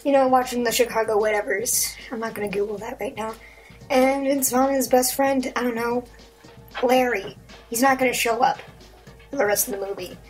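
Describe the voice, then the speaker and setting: A young woman rants through a movie review in a sarcastic, rambling way, swearing freely and jumping into quick impressions of the characters. Her voice sits a little high, and faint music plays underneath. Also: fairly even intonation, rough recording. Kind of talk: casual profane movie review rant.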